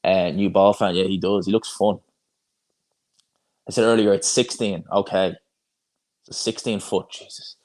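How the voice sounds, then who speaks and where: A man's voice: low-pitched, fairly even intonation, unhurried, pauses often, a little mellow. A young man hosting a live boxing watch-along, chatting casually and rambling through viewer comments with frequent restarts.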